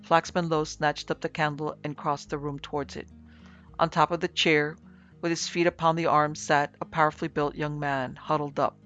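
A man narrating a classic ghost story in a formal, dramatic reading, in a slightly muffled recording with soft music. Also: a little high, flat delivery, moderate pace. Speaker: narrator and producer. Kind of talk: audiobook narration.

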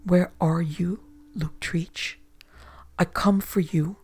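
A man voicing the vengeful ghost of a drowned woman, speaking in a breathy whisper from the water. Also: sits high, steady tone, slow, darkish tone, exaggerated voice. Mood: menacing.

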